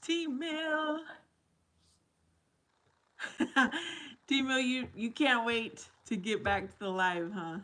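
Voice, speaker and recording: A woman's voice: mid-range voice, sharp tone, low-quality recording. A woman hosting a casual livestream from her kitchen while washing dishes, reading viewer comments aloud and laughing often. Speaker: livestream host.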